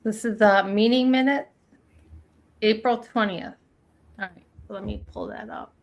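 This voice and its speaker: A woman's voice: mid-range voice, fairly even intonation, moderate pace. A woman hosting a casual livestream, chatting with guests, laughing often and reading documents aloud. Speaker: livestream host.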